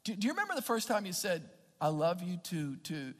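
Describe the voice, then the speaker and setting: High-voiced pastor preaching in a hall. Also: male voice, big pitch swings, brisk, a bit bright. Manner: emphatic, repeats words and restarts phrases. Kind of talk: sermon.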